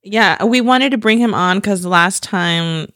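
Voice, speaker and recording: A woman co-hosting a casual podcast, easygoing and quick to giggle. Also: medium pitch, fairly bright tone, no echo, studio quality. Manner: giggly, easygoing, says "like" often. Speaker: podcast co-host. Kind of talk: casual chat. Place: studio.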